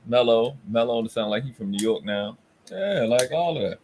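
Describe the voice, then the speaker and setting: A man's voice: mid-range voice, animated, normal speed, darkish tone, slight background noise. A man from West Baltimore with a Baltimore accent, talking bluntly and profanely in casual chat.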